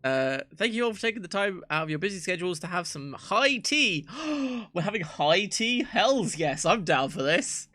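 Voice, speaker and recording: Playful, bright-voiced man streaming a game. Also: high voice, animated, moderate pace, few pauses. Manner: playful, swearing, stumbling over words, laughing. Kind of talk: reading a dating game aloud on stream.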